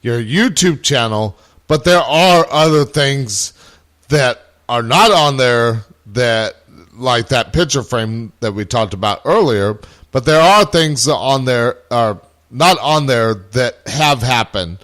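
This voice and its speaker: A man hosting a casual chat, recounting a ghost investigation in a halting way with restarts. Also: mid-range voice, animated, a bit bright.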